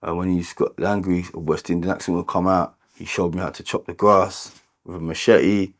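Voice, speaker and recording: A man with a London accent and a low, deep voice recounts his life story. His telling is candid and unpolished, full of restarts, repeated words and casual "like"s. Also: flat delivery. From London, England. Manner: halting, repeats words and restarts, many filler "like"s.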